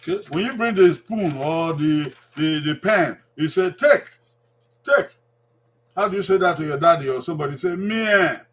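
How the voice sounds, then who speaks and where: A man with a Nigerian accent giving a language lesson, repeating each word slowly and drawing it out for learners. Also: fairly high pitch, lively intonation. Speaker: language teacher.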